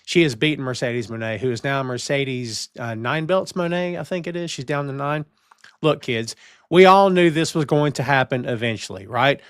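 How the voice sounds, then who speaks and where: A man's voice: medium pitch, normal speed, clean tone, dry recording, clean studio sound. A man hosting a live-streamed wrestling podcast, talking in a playful, theatrical way and greeting chat viewers. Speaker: podcast host.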